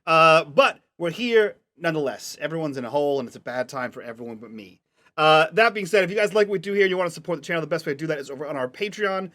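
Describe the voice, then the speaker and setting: Game master, man, playful chatty narration, slightly high voice. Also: expressive, bright, forceful tone. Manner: playful, chatty, halting when improvising.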